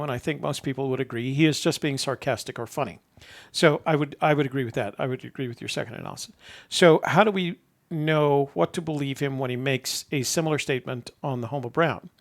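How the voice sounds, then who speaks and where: A man's voice: mid-range voice, fast, gravelly. An older man, chatting casually as a show host and rambling through stories while chuckling at himself. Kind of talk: casual chat.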